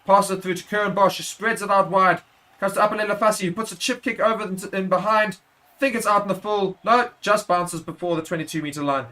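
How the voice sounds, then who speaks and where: A man's voice: high-pitched, steady tone, a little fast, sharp tone. A man giving live play-by-play commentary on a rugby match for a watchalong stream, correcting himself as he goes and rising sharply at big moments.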